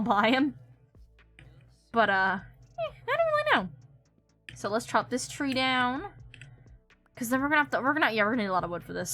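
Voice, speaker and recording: A young woman streams a game, chatting casually, giggling and thinking out loud as she plays. Her voice is a little high, bright and forceful.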